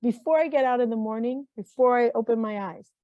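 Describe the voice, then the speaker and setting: A middle-aged woman, a mental health consultant, speaks as a guest in a reflective interview, earnest and heartfelt, often repeating and restarting phrases. Her voice is fairly high and brisk. The recording is dull and dry, with no echo.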